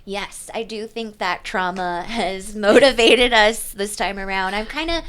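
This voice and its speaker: A woman hosts a relaxed podcast conversation, asking her questions in an easygoing way. She keeps affirming her guest with quick "yeah"s and "right"s. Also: mid-range voice, smooth. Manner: friendly, affirming, with frequent interjections. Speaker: podcast host. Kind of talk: casual conversational interview.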